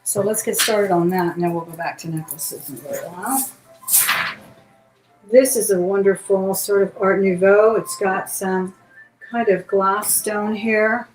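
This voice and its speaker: Unhurried and medium-pitched, a woman runs a live jewelry sale with fairly even intonation, chatting casually as she shows, handles, and describes each item. The recording comes from an indoor room, with roomy echo and faint music behind her.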